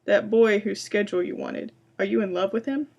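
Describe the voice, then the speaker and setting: A woman reading a gentle, polite girl ghost. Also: mid-range voice, a little fast, vocal fry, lo-fi sound. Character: gentle old-fashioned young female ghost.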